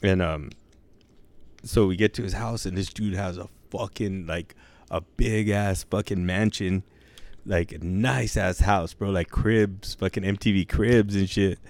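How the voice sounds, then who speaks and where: A man's voice: sits low, steady tone, a little mellow, no room sound. A young man telling a long crude joke in casual, profane slang, drawing out his words. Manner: profane, drawn-out slangy delivery. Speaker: joke teller.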